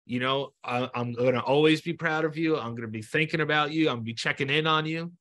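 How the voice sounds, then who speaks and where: Talking fast in a slightly high, fairly bright voice, this man hosts an interview show with earnest encouragement. He repeats himself and swears freely throughout the heartfelt podcast conversation.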